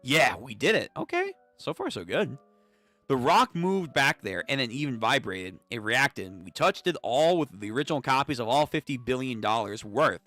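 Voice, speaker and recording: Animated young man reading a comic aloud. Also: medium pitch, normal speed, no room sound, faint music behind. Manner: animated, swears casually, jumps between characters' voices. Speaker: streamer reading manga. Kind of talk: live comic read-through, reading all the parts.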